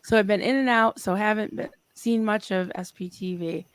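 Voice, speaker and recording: A woman co-hosting a live stream in casual chat, bubbly and quick to laugh, reading viewer comments aloud. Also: mid-range voice, clear, resonant tone, no room sound. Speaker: livestream co-host.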